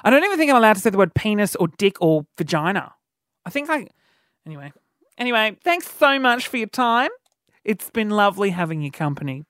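A man's voice: high-pitched, big pitch swings, fairly quick, fairly bright tone, no room sound, studio quality. A man hosting a solo podcast, telling a story in a cheeky, rambling way full of fillers and restarts. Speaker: podcast host.

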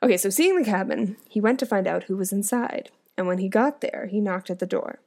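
A woman's voice: mid-range voice, expressive, a little fast, creaky, a little mellow. A woman reading a fairy tale aloud and stopping often to muse about the story in chatty asides. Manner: chatty, musing asides between passages. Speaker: audiobook reader.

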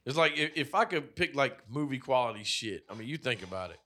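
Profane, rambling bright-voiced man. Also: medium pitch, animated, brisk. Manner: profane, rambling storyteller with lots of fillers. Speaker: podcast co-host. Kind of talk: casual chat.

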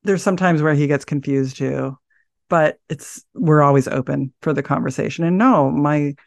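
Soft-spoken reflective middle-aged woman. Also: sits low, moderate pace, vocal fry, dry recording. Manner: thoughtful, searching for words, soft-spoken. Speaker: podcast guest. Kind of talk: reflective interview talk.

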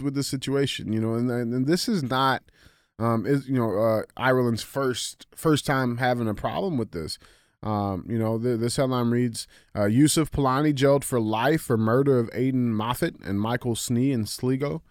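A podcast co-host chats casually, sounding hesitant, with lots of fillers and restarts. His mid-range voice moves at normal speed in a studio-quality recording with no echo.

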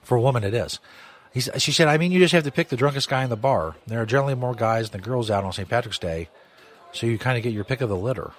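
A man's voice: medium pitch, fast talker. A man hosting a live radio show from a pub in a casual, joking way, laughing at his own jokes. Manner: laid-back, joking, laughs at own bits. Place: pub during a live broadcast. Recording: crowd and music behind. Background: rowdy crowd and music.

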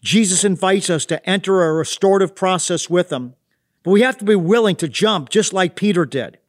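High-voiced earnest devotional host. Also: male voice, fairly quick. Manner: earnest, reflective preaching tone. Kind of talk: scripted devotional narration.

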